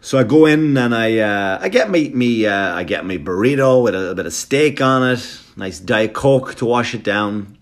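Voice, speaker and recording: A middle-aged man telling a rambling comic story for a podcast, animated and stammering, with profane asides. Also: medium pitch, normal speed. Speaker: comedian podcast host.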